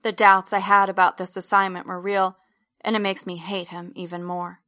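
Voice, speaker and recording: A woman reads a first-person story aloud in a measured, steady way. Her voice is bright, and her pitch stays level with little movement. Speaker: audiobook narrator. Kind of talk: first-person fiction narration.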